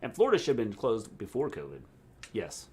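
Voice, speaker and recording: A man's voice: fairly low pitch, huge pitch swings, fairly quick, a little mellow, breathy edge. A middle-aged man co-hosting a casual livestream chat, making blunt, dry remarks. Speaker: co-host.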